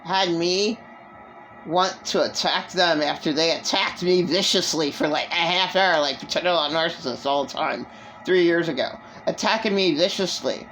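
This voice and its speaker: A woman vlogging an emotional personal monologue, rambling and halting with many restarts. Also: on the low side, a bit bright, faint music behind, poor audio.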